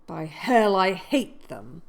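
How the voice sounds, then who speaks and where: A woman reading aloud, voicing a harsh, brutal grown man who speaks loudly and threateningly. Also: fairly low pitch, moderate pace, creaky. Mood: menacing. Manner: loud, grim, threatening.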